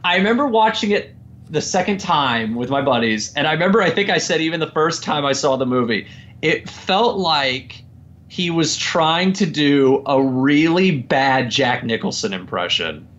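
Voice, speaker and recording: A man in casual podcast chat, ranting about films with lots of energy and laughing as he talks. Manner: animated, laughs often, mimics people in a slow low drawl. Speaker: podcast guest. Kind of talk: casual chat, movie rant. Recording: dull lo-fi audio.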